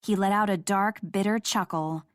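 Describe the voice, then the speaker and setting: Brief: female romance audiobook narrator, middle pitch, dry studio sound. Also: normal speed, no echo.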